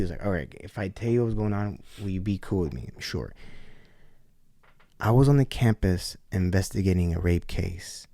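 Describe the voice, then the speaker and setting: A man's voice: sits low, animated, moderate pace, vocal fry, mellow, no echo. A man, a podcast guest, telling a story in a loose, slangy way and acting out the voices of the people in it. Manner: acts out voices in his stories, loose and slangy. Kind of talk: animated storytelling.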